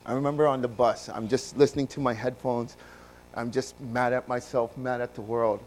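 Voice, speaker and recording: A man from Hawaii, telling his own story in a sermon and swinging between loud bursts and hushed passages. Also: medium pitch, steady tone, normal speed, slight background noise, low-quality recording.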